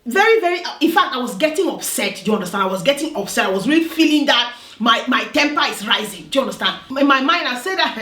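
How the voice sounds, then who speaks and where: A woman from Africa recounts a story to her viewers in a lively vlog, pressing her points with repeated words and frequent "do you understand?" checks. Her voice sits high, and the room around her rings with a noticeable echo. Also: quick pace. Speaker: vlogger telling a personal story. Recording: roomy echo.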